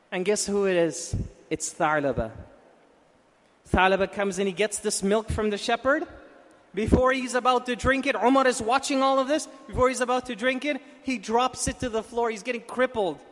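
A man preaching, telling a story with animated questions to his audience. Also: extremely high pitch. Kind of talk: storytelling sermon. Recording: long reverb in a hall.

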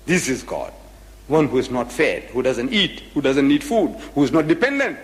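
A man's voice: mid-range voice, very animated, normal speed, big-room sound. A man giving a public religious lecture, emphatic, firing rhetorical questions and repeating his points.

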